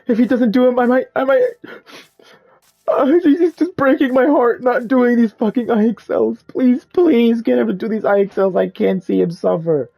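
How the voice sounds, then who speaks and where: A man's voice: very high voice, moderate pace, creaky, highs cut off, voice pushed up, full character voice. A man voicing a tearful middle-aged woman math teacher who pleads earnestly about her student. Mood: pleading. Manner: sobbing, pleading, overly earnest.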